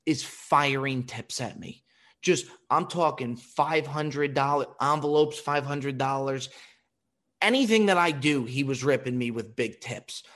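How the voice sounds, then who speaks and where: Animated, profane male storyteller. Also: mid-range voice. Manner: animated, profane, acts out quotes. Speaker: podcast host. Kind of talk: casual storytelling.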